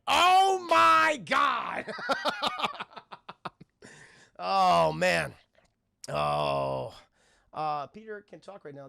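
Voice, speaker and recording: Guy rambling through a cartoon review to his chat, swears a lot, highish voice, dry sound. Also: vocal fry, bright, forceful tone, no echo. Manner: rambling, profane, keeps addressing the chat, frequent restarts. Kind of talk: casual spoken review to a live chat.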